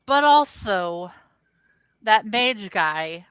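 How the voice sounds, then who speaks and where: A woman's voice: mid-range voice, lively intonation, extremely slow, fairly bright tone, smooth, no room sound. A woman playing in a tabletop game, musing over her character's choices. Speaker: player. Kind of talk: casual tabletop play.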